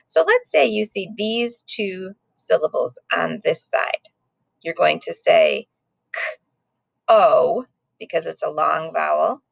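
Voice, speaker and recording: A woman's voice: fairly low pitch, measured pace, creaky, no room sound. A woman teaching a recorded phonics lesson to second graders, sounding out letters patiently.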